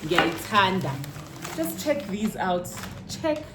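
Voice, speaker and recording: A young South African woman with a Zulu-inflected accent, a vlogger chatting through a shopping haul and mixing in Zulu words, her pitch jumping up when she gets excited. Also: slow, noisy background. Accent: South African, Zulu-inflected English. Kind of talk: casual haul unboxing chat. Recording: roomy echo with faint ambience.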